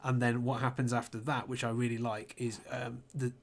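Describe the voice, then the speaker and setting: A man talks casually on a podcast in a mid-range voice. He rambles through his story, stops to restart his sentences, and fills the gaps with ums. His voice stays relaxed and conversational. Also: medium pitch, a little fast. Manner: rambling, recounts game scenes with many ums and restarts. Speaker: podcast co-host. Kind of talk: casual chat.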